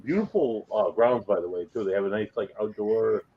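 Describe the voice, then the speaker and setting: A man's voice: lowish voice, brisk, highs cut off. A man co-hosting a casual chat, talking in a chatty, digressive way. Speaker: co-host. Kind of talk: casual chat reviewing clips.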